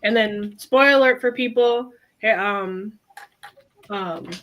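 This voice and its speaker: A woman co-hosting a podcast over a remote call, chatting casually in an animated way with quick asides. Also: medium pitch, a little hiss or hum, low-quality recording. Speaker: podcast co-host. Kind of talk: casual chat.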